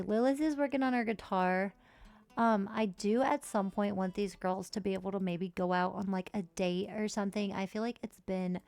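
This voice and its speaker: Young woman game streamer, casual and profane; a bit of fry, dry booth-like sound. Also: medium pitch, a little mellow, dry recording. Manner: chatty, swearing, narrates game characters. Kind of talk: casual gameplay commentary.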